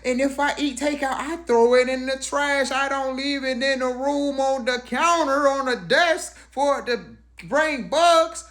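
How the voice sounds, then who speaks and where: A man's voice: very high-pitched, steady tone, measured pace, fairly bright tone. A man telling a personal story in a casual, conversational way, with rhetorical asides.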